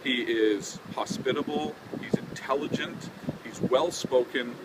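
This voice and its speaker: A man's voice: medium pitch, unhurried. Chatty man telling a tour story outdoors. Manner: chatty, laughing, with fillers. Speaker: touring band member telling a tour story. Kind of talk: casual anecdote. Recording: windy outdoor noise.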